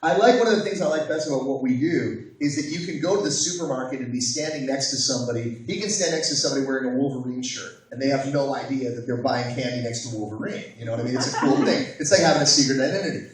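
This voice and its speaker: A man, a voice actor on a convention panel, telling a lively anecdote and acting out the voices of the people in it. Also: medium pitch, quick pace, hardly any pauses. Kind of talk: animated storytelling. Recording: echoey hall from far off, noisy.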